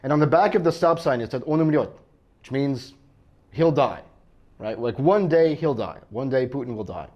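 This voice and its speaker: A man's voice: medium pitch, expressive, moderate pace, muffled recording. An American man performing a rambling, self-deprecating stand-up comedy set on a club stage, with chatty asides to the crowd.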